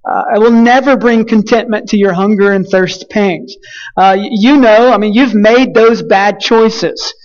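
A man's voice: high voice, dull audio. A young man from West Texas preaching a sermon, telling folksy stories with lots of fillers and restarts. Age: young adult. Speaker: pastor.

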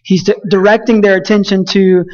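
A man's voice: high-pitched, little pitch movement, a little fast, a little mellow, highs cut off. A young man from West Texas preaching a sermon, telling folksy stories with lots of fillers and restarts. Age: young adult. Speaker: pastor.

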